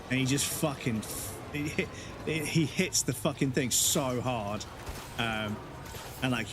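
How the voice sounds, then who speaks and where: A man's voice: medium pitch, noisy background. A man live-streaming a video game, chatting casually and rambling through stories, swearing often and laughing as he talks. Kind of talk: casual live-stream chat while gaming. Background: game music.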